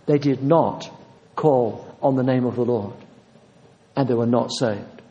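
A Yorkshire man delivers an earnest sermon in a mid-range, warm voice at a measured pace, insisting on his points and repeating phrases for emphasis. The long reverb of a large hall trails his words, and the highs are cut off.

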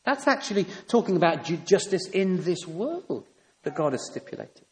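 A man's voice: sits high, big pitch swings, moderate pace. A man preaching a sermon, emphatic and fond of rhetorical tag questions. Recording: long reverb in a hall.

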